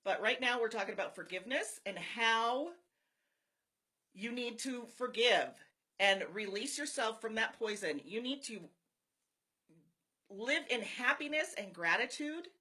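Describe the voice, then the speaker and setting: A woman's voice: fairly high pitch, lively intonation, measured pace, pauses often, pushed and bright. A woman talking live to her viewers, telling a personal story in an earnest, confiding way. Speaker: network marketer streaming live to followers.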